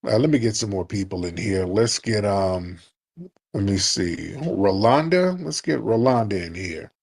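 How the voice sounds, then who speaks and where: Low-voiced man hosting a live call-in. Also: animated, gravelly, darkish tone, slightly rough. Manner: laid-back, quick comebacks, calls people "sir". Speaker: host. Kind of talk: live audio chat show.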